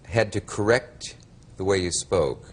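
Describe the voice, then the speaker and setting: A man's voice: low-pitched, unhurried. A man hosting a talk show, asking questions in a wry, teasing way.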